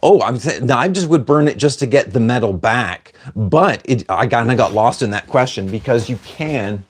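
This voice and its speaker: A man's voice: mid-range voice, lively intonation, normal speed, slightly rough. Chatty man hosting a livestream. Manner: chatty, self-deprecating, wanders off mid-sentence. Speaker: livestream host reading viewer comments. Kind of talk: casual livestream chat.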